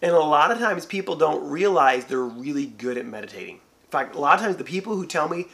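An animated male pastor in a church devotional talk, with a bright, ringing voice that sits a touch high for a man. He slips into quick voices for imagined conversations as he talks. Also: vocal fry. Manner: animated, acts out imagined dialogue.

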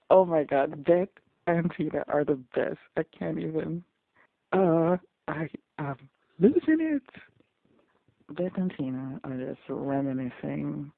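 A person reacting to a TV episode in casual audio commentary, excitable and gushing, quick to get emotional. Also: medium pitch, vocal fry, no echo. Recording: dry, tinny phone-like sound.

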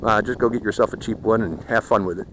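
A man's voice: fairly low pitch, quick pace, a bit bright, a little hiss or hum, poor audio. A man hosting a hobby video, chatting casually to viewers about a model plane flight outdoors, calling them folks. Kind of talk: casual flight-test commentary. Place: outdoors at a flying field.

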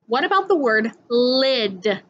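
A woman's voice: fairly high pitch, big pitch swings, takes it slowly, dull audio. A woman teacher giving a patient, sing-song phonics lesson to young children, drawing out each sound.

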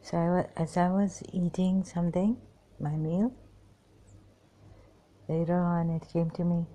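A woman recounting memories in a halting personal monologue, pausing often, apologizing and trailing off. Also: fairly low pitch, flat delivery, dark tone. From Pakistan. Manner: hesitant, many pauses and apologies, trails off.

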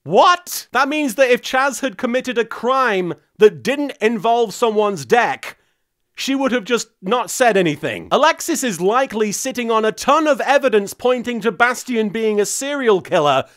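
A man's voice: extremely high pitch, animated, moderate pace, a bit bright. A man hosting a comedic recap, talking in a sarcastic, mocking way. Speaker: host, reviewer.

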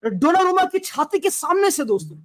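A woman reacting to a football goal, excitedly recapping how it was scored. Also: very high voice, very fast, no room sound. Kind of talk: live match reaction.

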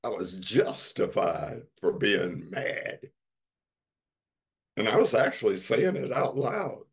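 Slow gravelly male preacher. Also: lowish voice, sing-song. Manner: slow, emphatic preaching with dramatic repetition. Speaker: pastor. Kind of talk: sermon.

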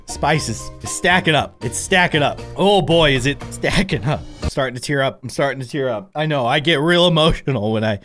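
Lively joking gaming commentator man. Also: medium pitch. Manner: joking, self-mocking running chatter. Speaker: gaming YouTuber. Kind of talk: gameplay commentary.

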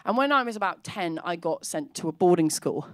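A young woman performing stand-up on a comedy club stage, telling a rambling, self-mocking story and jumping into high character voices. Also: expressive, brisk, no echo.

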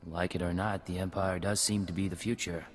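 An actor playing a composed spy agent in a video game, calm and terse with a husky voice. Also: male voice, low-pitched, a little fast, big-room sound, faint music behind. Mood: cool.

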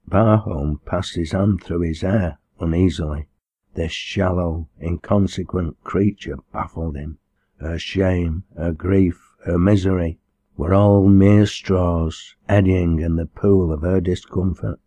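A man reads a novel aloud in a measured, even way. His voice is low and mellow. The recording is close and dry, with no room sound. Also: no echo. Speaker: audiobook reader. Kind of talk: scripted narration.

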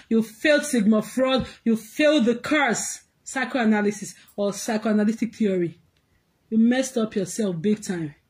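A Nigerian woman ranting in vlog commentary, mixing pidgin and English, laughing through her words and shouting out bursts as she scolds. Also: fairly high pitch. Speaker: social media commentator.

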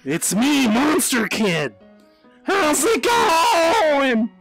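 A man voicing an excitable young male monster kid in a social VR game, gushing and stammering with excitement. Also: very high voice, extremely slow, faint music behind, heavily acted, poor audio. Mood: cheery. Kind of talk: voice chat role-play in a social VR game.

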